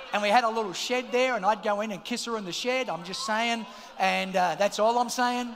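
Middle-aged male pastor, high bright voice, rousing sermon in a reverberant church hall. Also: brisk, a little hiss or hum. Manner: energetic, shouting calls to the congregation. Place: large church auditorium.

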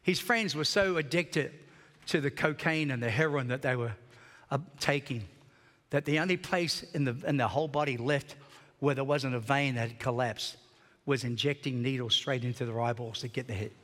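A male pastor preaching a sermon in a large church, telling stories with passion, swinging between shouting and hushed tones. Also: mid-range voice, moderate pace, long reverb tail.

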